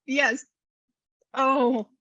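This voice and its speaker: A woman's voice: high-pitched, fairly even intonation, extremely slow, pushed and bright, slightly rough, dry recording, lo-fi sound. A woman working as a psychic medium, chatting animatedly with a client and often laughing. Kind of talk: reading session with a client.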